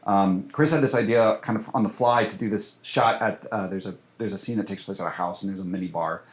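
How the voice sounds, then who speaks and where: A man's voice: lowish voice, a little fast. A man, a film director, talking casually in an interview, full of fillers and restarts. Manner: animated, many fillers and restarts. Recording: roomy echo.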